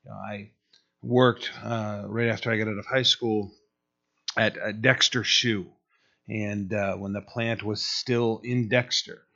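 A man's voice: fairly low pitch, level tone, a little slow, sharp tone. A man giving a conversational sermon, rambling with many fillers and restarts. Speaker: preacher. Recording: dull lo-fi recording.

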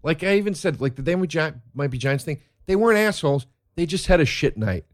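A man who is a comedian telling stories in a casual monologue, excitable and profane, laughing as he talks. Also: on the high side, a little fast, no room sound, clean studio sound. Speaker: stand-up comedian.

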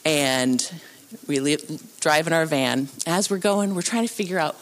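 A woman telling a true story live on a theatre stage into a microphone, animated and acting out the voices of the people in it. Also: low-pitched, a little slow, a little hiss or hum. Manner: animated, acts out voices and sounds.

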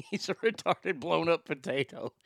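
A man hosting a podcast in a loud, mocking, casual comedic style, laughing at his own jokes. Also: on the high side, expressive, a little slow, gravelly, dry recording, studio quality. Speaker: podcast host.

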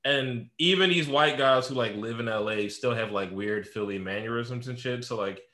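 A young man, his voice bright and sharp-edged, chatting in a roomy, echoey space. He tells stories loosely and crudely, with plenty of swearing and joking around. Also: mid-range voice, normal speed. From Philadelphia. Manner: loose, crude, jokey storytelling. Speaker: podcast co-host. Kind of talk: casual chat. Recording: roomy echo.

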